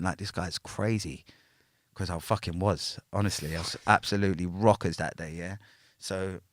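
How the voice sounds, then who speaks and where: Low-voiced man, dry sound. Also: a bit bright, dry recording. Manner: slang-heavy, constant "yeah?" and "innit" tags. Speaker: podcast guest, former prisoner. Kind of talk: casual storytelling.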